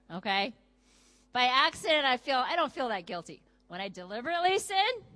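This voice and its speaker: A middle-aged woman preaching a sermon to a women's group, animated, acting out little inner voices as she goes. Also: on the high side, poor audio. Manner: animated, acts out inner voices with sudden loud jumps.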